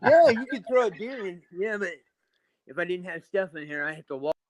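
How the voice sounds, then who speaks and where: A man's voice: high voice, lively intonation, fairly quick, darkish tone, no room sound. A man chatting casually on a live video call panel, rambling as he shows off things he built. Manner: rambling, shows off his stonework and builds. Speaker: panel guest.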